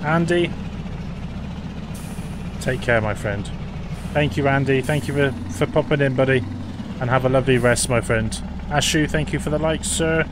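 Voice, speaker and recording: A man's voice: mid-range voice, moderate pace, pauses often, noisy background. A man hosting a live stream, chatting casually and thanking viewers by name. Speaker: livestream host.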